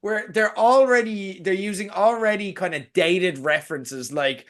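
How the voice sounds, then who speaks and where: A man's voice: high-pitched, expressive, moderate pace, a bit bright. A man co-hosting a podcast in casual chat, ranting with sarcasm and swearing, mocking what he dislikes. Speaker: podcast co-host.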